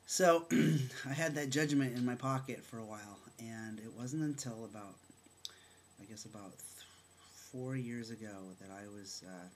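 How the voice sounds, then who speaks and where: A middle-aged man candidly telling a personal story, animated and halting, with fillers and restarts as he acts out remembered dialogue. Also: medium pitch, a little hiss or hum. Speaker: storyteller sharing his own experience.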